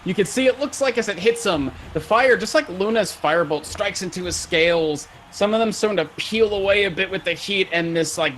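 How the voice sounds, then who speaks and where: A man's voice: sits high, brisk, hardly any pauses, a bit bright, slight background noise. A man running a tabletop game as game master, narrating vividly with spoken sound effects.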